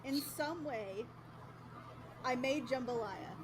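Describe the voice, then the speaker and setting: A woman's voice: high-pitched, takes it slowly, background noise. A woman streamer in casual chat, rambling and self-mocking, often laughing at herself.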